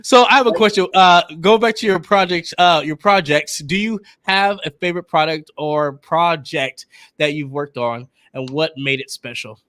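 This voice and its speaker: A lively male livestream host who jokes and laughs freely. His voice sits fairly high, and the sound is dry and close with no room around it. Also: moderate pace, hardly any pauses, dry recording. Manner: lively, joking, laughs often. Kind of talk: casual chat on a livestream.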